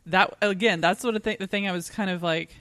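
A woman co-hosting a podcast, chatty and halting, laughing often. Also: medium pitch, steady tone, fairly bright tone, no room sound. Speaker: podcast co-host. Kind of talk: casual chat.

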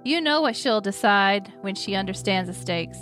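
A woman's voice: medium pitch, animated, normal speed, voice pushed down, lightly acted. A woman reading the lines of a witty young prince aloud, over faint music. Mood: dry, wry.

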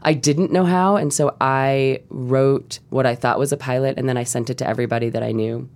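A woman guest on a panel interview, telling stories wryly and quickly, often laughing. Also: extremely low pitch, fairly even intonation, a little mellow. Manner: wry, quick storytelling with frequent laughs. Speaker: TV writer guest.

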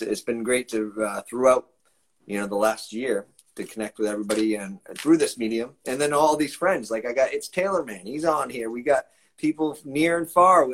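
A man hosting a live-streamed music show, folksy and upbeat as he chats and greets viewers by name. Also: medium pitch. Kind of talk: casual chat. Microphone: live stream mic.

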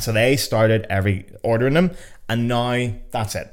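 A young man with a mid-range voice talks at a moderate pace, hosting a casual educational podcast on a podcast mic. He's from Northern Ireland with a Belfast accent, and he's chatty, jokey and swears freely.

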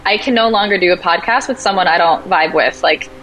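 A woman talking casually as a podcast guest, animated, acting out quoted voices as she tells stories. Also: fairly low pitch, a little fast, muffled recording, a little hiss or hum. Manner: animated storyteller, acts out quotes. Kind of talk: casual conversation.

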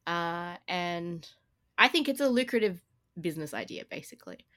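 Bright-voiced woman chatting. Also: on the low side, lively intonation, moderate pace. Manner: rambling, laughs often. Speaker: podcast co-host. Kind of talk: casual chat.

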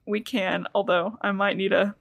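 A woman with a medium-pitched, gravelly voice co-hosts a casual podcast, keeping a level tone and moderate pace. She's chatty, swears freely, laughs often and has a slight lisp, and the sound is lo-fi.

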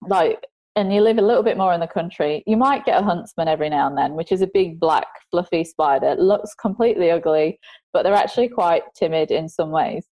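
Podcast host: woman, lively and chatty, quick to laugh. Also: on the low side. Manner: lively storyteller, laughs easily. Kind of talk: casual interview chat. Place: lives in Australia.

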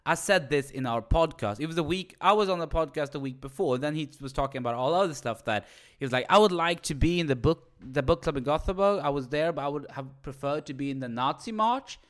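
A man's voice: fairly high pitch, quick pace, few pauses. A male comedian co-hosting a podcast in casual, swearing chat, acting out scenes as he tells stories. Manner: animated, swears a lot, acts out movie quotes.

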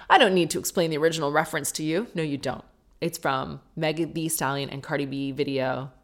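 A woman hosts a podcast in a casual, frank way, chatting freely and laughing easily. Her voice sits on the low side for a woman. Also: moderate pace. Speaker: podcast host. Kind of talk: casual chat.

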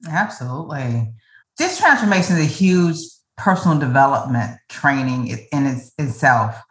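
A woman's voice: extremely low pitch, animated, moderate pace, a bit bright. A woman hosting a podcast, asking long, layered questions in an encouraging way. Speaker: podcast host. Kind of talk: interview questions. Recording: echoey room.

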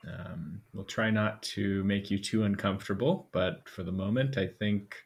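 A man playing a tabletop game with friends, measured and reasonable. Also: lowish voice. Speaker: player. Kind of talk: casual tabletop game play.

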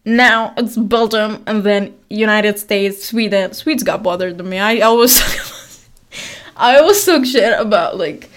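A woman's voice: medium pitch, slow. Chatty young woman podcaster. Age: 20s. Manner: chatty, laughing, rambling with fillers. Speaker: podcast host. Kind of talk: casual chat.

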